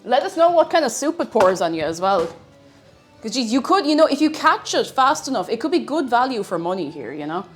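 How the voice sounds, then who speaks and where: A woman's voice: on the high side, very animated, fairly quick, soft background music. A woman streaming live, chatting casually with viewers in a playful, giggly way, humming to herself now and then. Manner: chatty and playful, laughs often, hums to herself.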